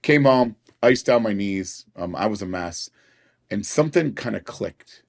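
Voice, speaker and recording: A man's voice: on the low side, animated, unhurried, gravelly. A middle-aged man, a podcast guest, telling personal stories in an earnest way and chuckling now and then. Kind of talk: personal storytelling in a conversation.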